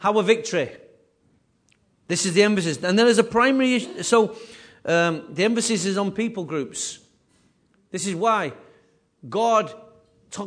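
A man preaching a sermon with emphatic, repetitive phrasing, his voice rising and falling in loudness. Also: sits high. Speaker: pastor.

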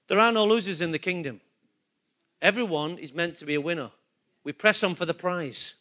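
A man's voice: high-pitched, expressive, normal speed, pauses often, sharp tone. A male pastor preaching a sermon, emphatic and full of rhetorical questions to his congregation.

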